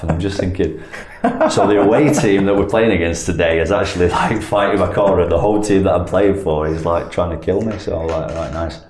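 A man's voice: sits low, a little fast. A man, a footballer guest, telling an anecdote casually, rambling and self-correcting as he goes. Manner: rambling, self-correcting, animated when retelling. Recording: echoey room, faint background noise.

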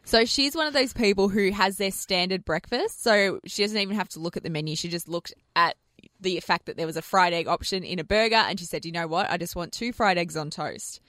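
A woman's voice: fairly low pitch, no echo, clean studio sound. Chatty radio co-host woman. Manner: animated storyteller, quick asides. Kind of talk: casual breakfast radio chat. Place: radio studio. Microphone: studio microphone.

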